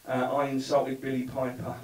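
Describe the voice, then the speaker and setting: A man's voice: medium pitch, monotone, moderate pace. A man doing a sardonic stand-up routine on a club stage, rambling through his story. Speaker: stand-up comedian. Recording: echoey room, far mic, background noise.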